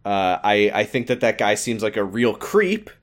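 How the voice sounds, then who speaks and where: A man reads fan fiction aloud for a comedy podcast, his voice swinging widely up and down in pitch. He jokes and laughs between passages and keeps an animated, playful delivery. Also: moderate pace. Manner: animated, slips into mock voices and laughs often. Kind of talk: comedic reading and banter.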